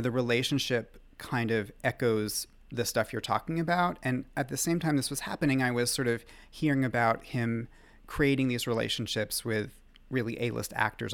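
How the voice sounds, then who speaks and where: Gravelly-voiced man telling lively anecdotes. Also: medium pitch. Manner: animated anecdotal storytelling, quick laughs. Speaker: magazine staff writer, guest. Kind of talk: podcast interview conversation.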